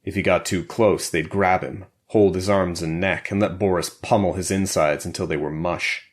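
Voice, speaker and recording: Deep low guy reading a thriller audiobook, calm measured telling. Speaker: audiobook narrator. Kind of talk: scripted narration.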